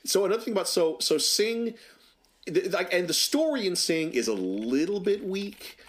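A man co-hosting a podcast, chatting casually about movies in an opinionated, animated way with sarcastic asides. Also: high voice, normal speed. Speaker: podcast co-host. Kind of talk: casual film chat.

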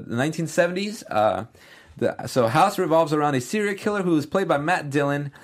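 A young man from Southern California hosting a casual film news podcast, chatty and full of fillers, enthusiastic. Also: mid-range voice. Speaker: podcast host.

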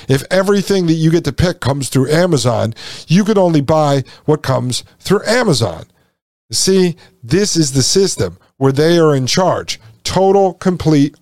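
A man's voice: a little high, darkish tone, no echo, clean studio sound. A man hosting a podcast, reading passages from an article and breaking off for sarcastic, folksy asides to his listeners. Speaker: podcast host.

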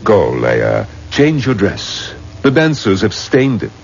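An actor playing a stern, protective old wise man, speaking gravely and with command in a radio drama. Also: on the low side, wildly swooping pitch, slow, exaggerated voice. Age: older. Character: older male wise elder, stern and protective. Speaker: wise elder. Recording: dull lo-fi radio play with faint noise.

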